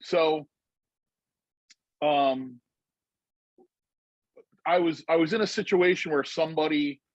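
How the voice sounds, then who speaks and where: A man's voice: on the high side, takes it slowly, no room sound, muffled recording. A man co-hosting a podcast, telling a personal story in casual chat, rambling with fillers and restarts.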